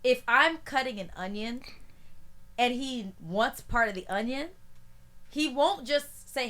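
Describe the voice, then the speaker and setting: A woman's voice: on the high side, a bit bright. Teasing young woman podcast host. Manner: laughing, teasing, quick bursts of speech. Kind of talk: casual chat.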